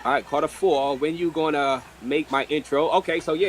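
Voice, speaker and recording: A man's voice: a little high, steady tone, moderate pace. A man hosting a live interview stream, laid-back and hyping up his chat. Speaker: livestream interview host. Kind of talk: casual livestream hosting.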